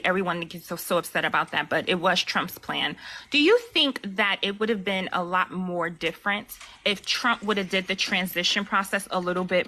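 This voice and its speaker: A woman calls into a talk show to ask a question at a middle pitch. She speaks hesitantly and apologizes before she gets to her point. Her voice is bright and forward. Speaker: caller. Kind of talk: call-in question.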